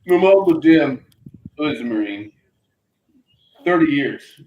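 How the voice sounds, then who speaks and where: Brief: middle-aged male co-host, laughing storyteller, slightly high voice, echoey room. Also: slow pace, highs cut off. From Florida. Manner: animated, laughing, acts out voices in his stories. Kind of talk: casual storytelling chat.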